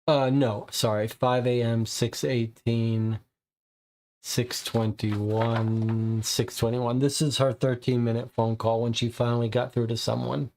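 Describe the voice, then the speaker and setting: A man's voice: medium pitch, flat delivery, measured pace, darkish tone, a little hiss or hum. A man playing a game and thinking aloud as he takes notes. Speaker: game player. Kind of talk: casual game commentary.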